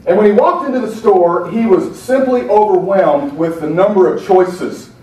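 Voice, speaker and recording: A man's voice: high-pitched, normal speed, far from the mic. Man telling a story in an echoey hall. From Alabama. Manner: animated, self-deprecating, acts out quoted voices. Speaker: motivational speaker. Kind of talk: storytelling keynote talk. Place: conference breakout room. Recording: echoey hall, speaker off-mic.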